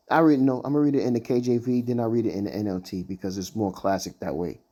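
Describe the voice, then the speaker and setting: Man teaching Bible verses off the cuff, mellow low tone, stumbles and fills pauses as he hunts for words. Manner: halting, searching for words, many fillers. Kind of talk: informal scripture study.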